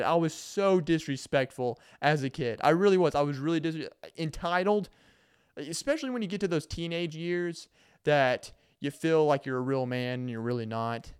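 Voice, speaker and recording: A young man carries a casual comedic podcast monologue on his own. His voice sits a little high, with a smooth, clean tone and a dry, close sound. He rambles from one story to the next and acts out quotes along the way. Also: dry recording. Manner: rambling, animated storytelling with laughs and put-on quotes. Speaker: podcast host.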